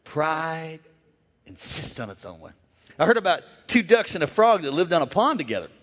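Animated high-voiced preacher in an echoing hall. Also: male voice, moderate pace. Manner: animated, call-and-response, acts out voices. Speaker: pastor. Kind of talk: sermon. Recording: echoey hall.

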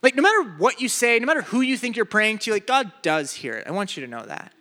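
A young man preaching a sermon, animated and acting out the people in his stories. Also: high-pitched, fast. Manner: animated, acts out voices in stories. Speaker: pastor. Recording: echoey hall.

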